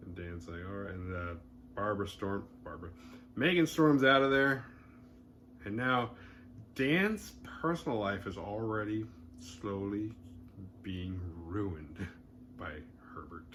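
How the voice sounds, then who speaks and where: A man casually retelling a horror film plot in a loose, rambling way, slipping into quick voiced asides. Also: lowish voice, lively intonation, a bit bright, slight background noise. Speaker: horror movie podcast host. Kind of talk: casual movie recap.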